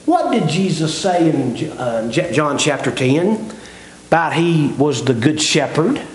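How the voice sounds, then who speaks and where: A middle-aged man preaching a sermon in a folksy way, stretching out key words and then rushing through asides. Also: high voice, low-quality recording. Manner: folksy, swings from slow drawn-out emphasis to quick asides.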